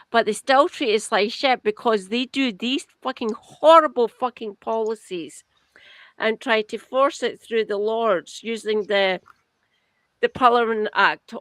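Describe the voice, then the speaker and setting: A woman's voice: a little high, unhurried, dry recording. A British woman from outside England co-hosting a podcast, ranting sarcastically with heavy swearing. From United Kingdom, outside England. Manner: sarcastic, swears heavily, animated rant. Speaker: podcast co-host. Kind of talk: casual political chat, ranting.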